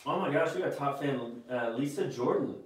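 A co-host reading viewers' questions aloud from the live chat, in a relaxed, offhand way. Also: mid-range voice, normal speed. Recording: very echoey, from far off the mic.

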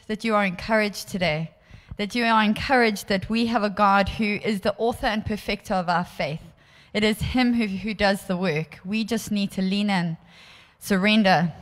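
Gentle South African woman, encouraging. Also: mid-range voice. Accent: South African English. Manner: gentle, encouraging, slightly hesitant. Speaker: church leader making announcements. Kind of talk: closing announcements. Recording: long hall reverb.

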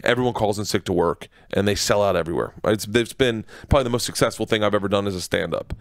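A man's voice: lowish voice, quick pace, vocal fry, no room sound. A man from Florida, a stand-up comedian, telling stories in a radio studio interview, laughing and acting out the people he quotes. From Florida, USA. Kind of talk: storytelling interview.

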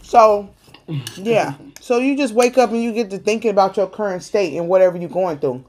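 A woman host speaking earnestly about faith and perseverance in a casual chat, talking like a sermon and protesting loudly when teased. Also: mid-range voice, normal speed, a little hiss or hum. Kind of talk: casual faith talk on an eating show.

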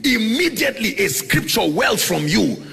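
A man's voice: high-pitched, very animated, moderate pace, creaky, pushed and bright, soft background music. A man preaching a sermon to a congregation, drawing responses from them and sliding into sung, chanted phrases. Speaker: pastor.

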